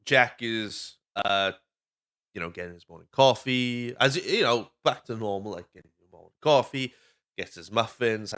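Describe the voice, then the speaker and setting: A man from Wales hosts a podcast, casually rambling through a movie recap while swearing freely and acting out lines. His voice sits on the low side and is a bit bright.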